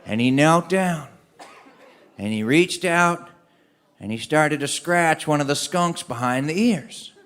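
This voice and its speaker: A male storyteller telling a funny tall tale to a live audience, animated with comic timing and laughing along. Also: on the high side, takes it slowly, clean tone. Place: live stage performance.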